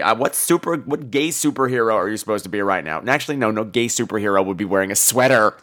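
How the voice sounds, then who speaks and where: Lively, rambling woman caller. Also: fast, hardly any pauses. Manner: animated, jumps into high-pitched impressions. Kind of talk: rambling voicemail storytelling.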